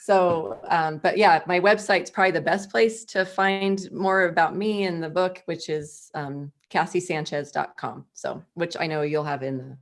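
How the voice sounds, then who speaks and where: A woman author as a guest on a casual podcast, chatty, self-deprecating and quick to laugh. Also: on the low side, steady tone.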